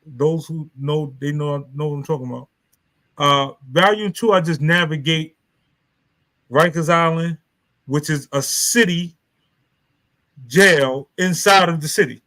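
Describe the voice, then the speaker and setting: A man talks casually on a live stream, his voice sitting a little high. He rambles loosely, circling back and restarting his sentences, and uses plenty of street slang. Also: measured pace, pauses often, sharp tone, rough recording. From New York. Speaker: author and live stream host.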